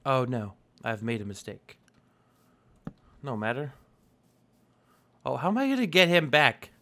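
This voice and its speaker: A man's voice: mid-range voice, big pitch swings, a little slow, sharp tone. Young male let's-play host, loose and playful, mid-range voice, chats at the animals on screen. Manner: chatty, talks to in-game animals, playful. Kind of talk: casual gameplay commentary.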